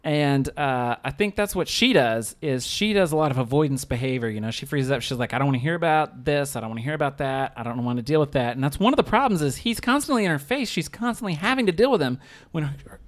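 A man co-hosting a casual podcast chat, playful and quick to laugh. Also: on the high side. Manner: animated, playful, laughs often. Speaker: podcast co-host.

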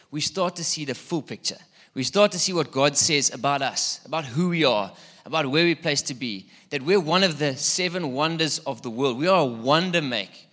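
A man's voice: a little high, sharp tone. A middle-aged man preaching a sermon in a church hall, chatty and playful, quizzing his congregation. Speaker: pastor.

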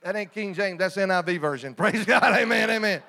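A man's voice: sits high, brisk, sharp tone. A man preaching a sermon in a folksy, humorous call-and-response style.

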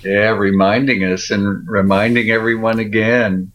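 A man's voice: lowish voice, steady tone, a little slow, a bit bright. A man hosting a casual radio chat, explaining science in plain words. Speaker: radio show host, doctor.

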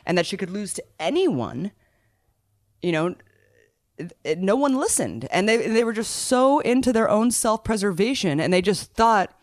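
A host giving animated political commentary in casual chat. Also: female voice, fairly low pitch, no echo, studio quality. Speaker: show host.

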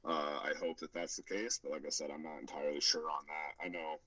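Man, very deep voice, dry close sound, hesitant, lots of fillers, casual podcast chat. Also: fairly even intonation, brisk, pushed and bright, no echo, poor audio. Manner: hesitant, many fillers and restarts. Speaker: powerlifting coach.

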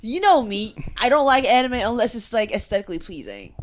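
A woman's voice: a little high, sing-song, brisk. A young woman co-hosting a podcast, blunt and teasing in a casual chat. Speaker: podcast co-host.

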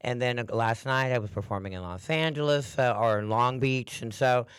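Hoarse throaty guy hosting a radio show, chatty and flamboyant, dry close sound. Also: medium pitch, normal speed, a bit bright, dry recording. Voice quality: throaty, husky. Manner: flamboyant, chatty, calls listeners honey and doll. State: hoarse, strained voice. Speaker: talk show host. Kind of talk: casual radio talk show chat.

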